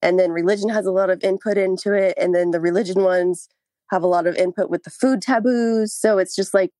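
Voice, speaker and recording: A woman's voice: medium pitch, steady tone, brisk, dark tone, no echo. A woman co-hosting a podcast in casual chat, out of breath, laughing often and reading notes aloud. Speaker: podcast co-host.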